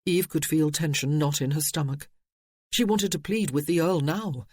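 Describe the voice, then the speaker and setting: A man reading a novel aloud in steady audiobook narration. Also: on the high side, normal speed, dry recording.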